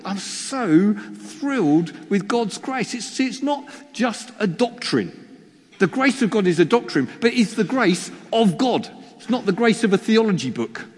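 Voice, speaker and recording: A man's voice: sits high, slightly rough. A male preacher giving a chatty sermon, teasing the congregation and poking fun at himself. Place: church hall. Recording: long reverb of a church hall.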